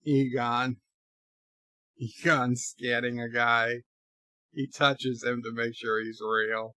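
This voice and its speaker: A man's voice: medium pitch, little pitch movement, slow pace, pushed and bright, no echo. A man hosting a live movie rewatch, chatting and reading viewer comments aloud as he reacts.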